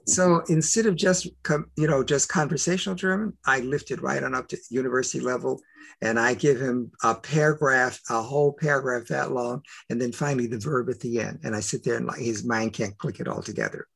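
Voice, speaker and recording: Older man, gravelly voice, husky edge, emphatic storyteller, rhetorical questions, interview guest. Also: medium pitch, steady tone, fairly quick, fairly bright tone. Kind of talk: animated personal storytelling.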